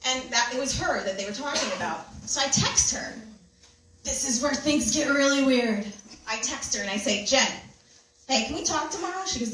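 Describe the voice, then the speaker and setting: A woman giving an animated talk to an audience, telling a personal story and laughing often. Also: high voice, moderate pace, slight background noise. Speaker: speaker. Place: large room with an audience. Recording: echoey hall from far off.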